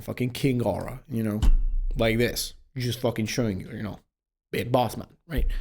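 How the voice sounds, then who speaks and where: A young man hosting a self-improvement video, talking fast and casually with lots of swearing, calling the viewer bro. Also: medium pitch. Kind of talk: casual monologue to camera.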